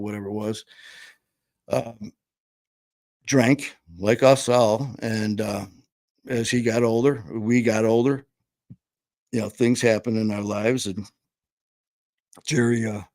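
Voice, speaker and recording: A man's voice: lowish voice, dry recording. A middle-aged man bluntly telling his personal recovery story to a group, with some casual swearing. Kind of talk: personal testimony talk.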